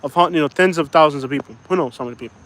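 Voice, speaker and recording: A young man with a fairly high voice rants on a casual live stream, frustrated and venting. He keeps saying "bro" and "like" and apologizes now and then for his swearing. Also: rapid-fire, a bit bright. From Florida. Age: young adult. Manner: says "bro" and "like" often. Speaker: YouTuber reading live chat.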